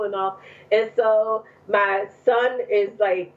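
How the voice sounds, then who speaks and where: Woman guest from New Jersey, chatty storyteller with lots of fillers, mid pitch, slightly muffled audio. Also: fairly even intonation, slow. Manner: chatty, laughs often, many fillers. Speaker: podcast guest. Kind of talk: casual storytelling.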